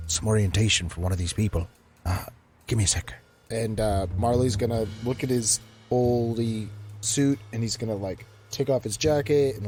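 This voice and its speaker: A man's voice: medium pitch, darkish tone. A man playing a tabletop game, talking loosely with fillers and swearing. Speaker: player. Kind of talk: casual tabletop play.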